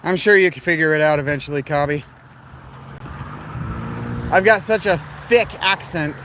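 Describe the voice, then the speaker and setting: A man's voice: fairly high pitch, normal speed, background noise. A man hosting a casual livestream, rambling and answering chat while he walks outdoors at night near parked cars. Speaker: livestream host.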